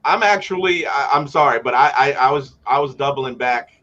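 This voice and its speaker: A man co-hosting a casual sports talk show, eager and quick to talk players up. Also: mid-range voice, sharp tone, muffled recording. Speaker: co-host analyst.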